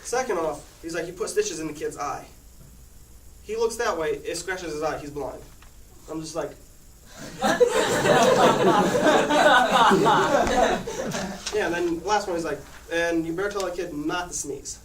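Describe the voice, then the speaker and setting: This slightly high male voice, at a normal pace, belongs to a teenage boy sharing a meandering story from his own life with classmates, often laughing as he goes. The noisy recording comes from a far-away mic in an echoing room.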